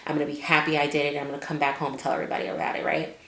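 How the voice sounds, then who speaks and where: A woman with a low-pitched voice tells a personal story in a casual vlog style. She is chatty and animated, with plenty of fillers and quoted inner thoughts. The sound carries a roomy echo. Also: rapid-fire. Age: adult with children. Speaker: vlogger.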